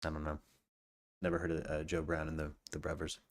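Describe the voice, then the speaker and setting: Here a man with a bass voice talks in a monotone, a little quickly, as he hosts a live true crime podcast stream. He reads out facts, then drifts into casual riffs and hellos to chat viewers, with many restarts along the way.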